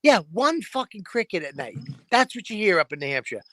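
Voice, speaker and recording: Profane animated man, crickets behind. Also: high voice, brisk, no room sound. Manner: profane, animated storyteller who mimics noises. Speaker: podcast co-host. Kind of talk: casual chat. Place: home in New Hampshire, crickets behind.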